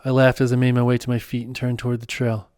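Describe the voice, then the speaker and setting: A man's voice: mid-range voice, monotone, fast talker, darkish tone, no room sound, studio quality. A man narrating his own first-person story in an earnest, self-deprecating way. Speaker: author and narrator.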